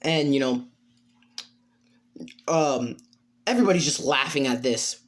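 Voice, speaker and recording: A woman's voice: extremely low pitch, measured pace. A woman improvising a fan story, narrating hesitantly with many fillers.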